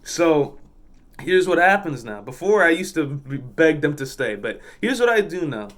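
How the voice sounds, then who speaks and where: A man's voice: fairly high pitch, big pitch swings, normal speed, a bit bright. A man who works as a fuel pump attendant, telling work stories in a blunt, profane, exasperated way. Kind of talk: casual storytelling vlog.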